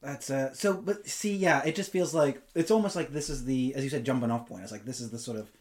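A co-host chats on a podcast, wandering loosely from point to point. The talk is relaxed and unpolished, with the odd swear thrown in. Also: medium pitch, brisk. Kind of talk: casual chat.

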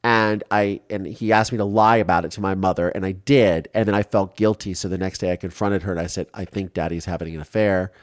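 A man in his forties from Ohio, telling his life story in an interview in an animated way, acting out quotes and restarting often. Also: low-pitched, brisk, hardly any pauses, no echo, clean studio sound. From Ohio, USA.

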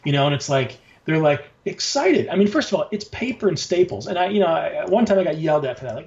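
A man talking casually and excitedly in an interview, rambling with many fillers and frequent swearing. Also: on the high side, quick pace, creaky, few pauses, dull audio. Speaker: guest, designer and notebook maker.

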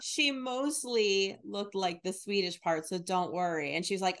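Animated woman acting out quotes. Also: medium pitch, normal speed. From northern United States. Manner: animated, acts out quotes in exaggerated voices, swears casually. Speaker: podcast co-host. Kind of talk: casual chat.

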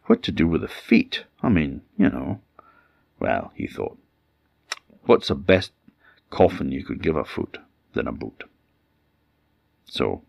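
A man from Orkney with an Orcadian Scottish accent, telling a traditional folktale in an animated, wry, conversational way. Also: low voice, vocal fry, no echo, dull audio. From Orkney, Scotland. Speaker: traditional storyteller. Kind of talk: oral folktale storytelling.

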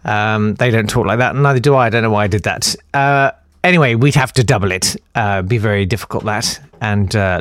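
A man's voice: fairly low pitch, no room sound, clean studio sound. A man hosting a comic news podcast, sarcastic and rambling with lots of ums. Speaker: podcast host.

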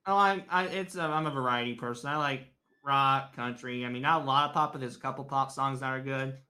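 A man in his twenties with an American accent, a loud, laid-back podcast guest. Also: mid-range voice, brisk. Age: 20s. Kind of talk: casual interview chat.

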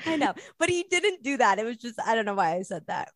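A woman's voice: a little high, very animated, fast talker, a bit bright, dry recording, clean studio sound. A young woman, a podcast guest, telling a rambling story in casual chat and acting out the quotes.

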